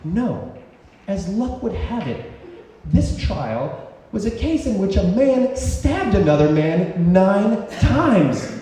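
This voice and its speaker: A man's voice: high-pitched, very animated, takes it slowly, dark tone. A man in his thirties telling a personal story live on stage, rambling and stammering with lots of fillers. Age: 30s. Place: stage at a cultural center. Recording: echoey hall from a distant mic.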